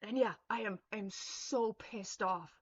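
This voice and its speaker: A young woman vlogger rants furiously to camera on her own video, throwing heavy profanity and cutting insults and sometimes mocking others in a sneering voice. Her medium-pitched voice is husky and measured in pace, and the audio sounds dull.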